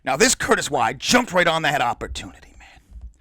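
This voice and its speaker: Brief: middle-aged man, podcast host, lively swooping delivery, bright tone, profane asides. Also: fairly high pitch, normal speed, no echo. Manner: boisterous, profane, rambling asides. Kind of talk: casual storytelling monologue.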